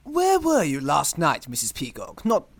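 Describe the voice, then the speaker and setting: A woman's voice: sits low, huge pitch swings, unhurried, no echo, full character voice. A woman playing a pompous bumbling detective. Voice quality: pompous, blunt, self-important. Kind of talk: comedy audio drama acting.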